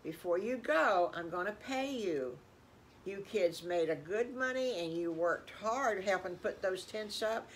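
A kindly circus boss praises the children in gushing, homespun phrases, as an older woman voices him. The voice is an ordinary middle pitch for a woman, with a faint hiss behind. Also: lively intonation, measured pace, lightly acted, low-quality recording. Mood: generous.

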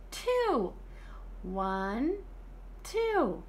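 A woman teaching young children online, speaking in a slow sing-song way as she counts and praises. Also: fairly high pitch, sing-song, fairly bright tone. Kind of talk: online preschool lesson.

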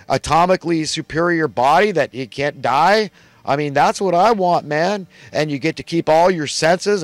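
A man's voice: on the high side, dry recording. A man delivering a heated, blunt monologue as a political commentator. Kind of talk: ranting monologue.

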